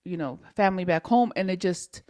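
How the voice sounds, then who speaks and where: A young woman co-hosting a podcast, telling a personal story in a candid, animated way, with many restarts and the odd Spanish word. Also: fairly low pitch, fairly quick. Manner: animated, restarts often, mixes in Spanish words. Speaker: podcast co-host.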